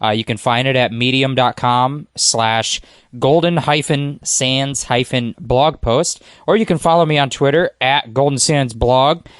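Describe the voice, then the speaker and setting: A man's voice: medium pitch, fairly even intonation, measured pace, clear, resonant tone, dry recording. Easygoing man on a dry mic. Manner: easygoing, rambling, self-deprecating. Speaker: podcast guest, blogger. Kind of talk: casual podcast chat.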